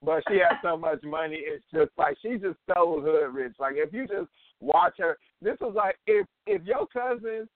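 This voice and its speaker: A woman's voice: fairly low pitch, expressive, moderate pace, no room sound. A woman co-hosting a podcast in casual chat, gossipy and teasing. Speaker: podcast co-host. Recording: dry phone-like line.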